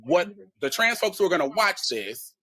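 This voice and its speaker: A man's voice: high voice, very animated, moderate pace, pushed and bright, husky, dry recording. A man giving earnest, hesitant remarks as a panelist.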